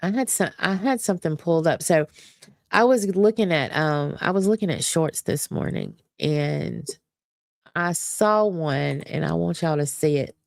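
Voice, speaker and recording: Lady streamer chatting slow and easy with her viewers, lowish voice, dry close sound. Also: vocal fry, no echo. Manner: laid-back, chatty, talks to viewers as y'all. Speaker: livestream host. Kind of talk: casual livestream chat.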